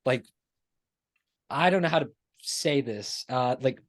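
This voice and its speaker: Halting game master narrating a scene. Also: male voice, mid-range voice, lively intonation, dry recording, clean studio sound. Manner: loose, halting narration with many fillers.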